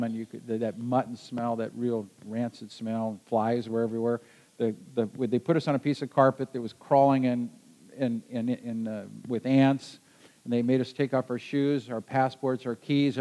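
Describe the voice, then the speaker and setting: A man telling a personal adventure story to a listener, lively and halting, with frequent restarts. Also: mid-range voice, poor audio.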